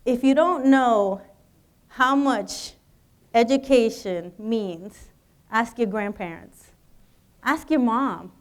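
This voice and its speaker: High-voiced woman giving a pep talk. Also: slow pace, long pauses. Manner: encouraging, addresses audience directly. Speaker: guest speaker. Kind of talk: motivational speech to students. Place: university auditorium.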